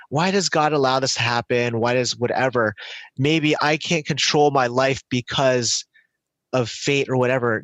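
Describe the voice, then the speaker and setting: A man speaking as a guest on an interview podcast, reflective, with frequent restarts, growing lively when he tells stories. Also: mid-range voice, no echo, rough recording. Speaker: business finance coach as podcast guest. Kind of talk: casual interview storytelling.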